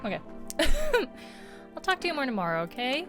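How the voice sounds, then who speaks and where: A young woman playing a horror game, chatting and reacting in slangy, exclaiming bursts. Her voice sits fairly high. Game music plays clearly under her talk. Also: wildly swooping pitch, moderate pace, pauses often, a bit bright. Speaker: streamer. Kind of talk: casual gameplay commentary.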